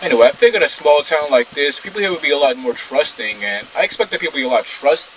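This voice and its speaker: Man narrating a game on a poor microphone, lively pitch, somewhat distant, faint fan hum behind. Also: fast, highs cut off. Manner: animated, rambling, talks back to the game. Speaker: gamer commentating a playthrough. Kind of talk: casual let's-play commentary. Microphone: poor microphone, fan in background.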